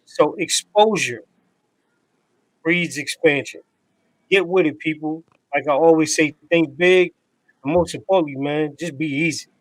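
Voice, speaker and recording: A laid-back man with a New Jersey accent co-hosts a podcast, drawing out key words slowly. His voice sits a little high. The recording is dry and close. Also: no echo, low-quality recording. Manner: laid-back, slangy, drawn-out emphasis. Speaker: podcast co-host. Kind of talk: casual chat and motivational segment.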